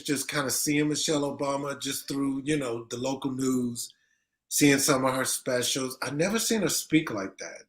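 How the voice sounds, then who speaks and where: A man's voice: mid-range voice, sharp tone. A man hosting a casual news commentary show, talking in a conversational, emphatic way and often repeating himself. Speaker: host.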